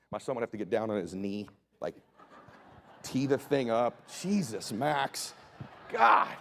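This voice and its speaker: A middle-aged man giving a motivational keynote as a story, acting out dialogue in punchy short sentences with casual swearing and sudden shouts. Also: mid-range voice, a little hiss or hum. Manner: animated, acts out dialogue, bursts into shouts. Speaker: motivational speaker. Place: conference stage before an audience.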